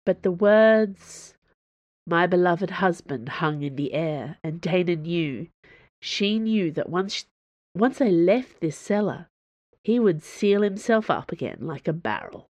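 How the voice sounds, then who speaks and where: A woman reads her own fiction aloud as host of her story podcast. Her voice sits a little low and the sound is close and dry. The reading is measured and expressive. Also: dry recording. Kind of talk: storybook narration.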